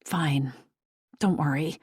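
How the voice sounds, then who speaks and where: A woman's voice: sits low, slow, husky, full character voice. Woman reading Savannah, guarded and secretive. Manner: evasive, quiet.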